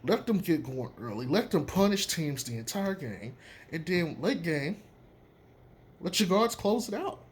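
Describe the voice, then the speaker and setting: A man giving casual basketball opinions in an emphatic, profane, animated way. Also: on the high side, unhurried, slight background noise. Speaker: sports commentator. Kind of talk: casual sports opinion talk.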